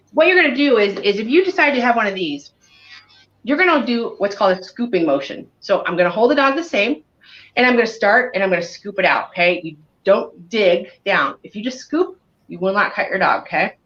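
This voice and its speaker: Speaking at a moderate pace in a husky, medium-pitched voice, a Western New York groomer walks through a lively dog-grooming demonstration. She keeps checking in with "okay?" and the audio is dull and lo-fi.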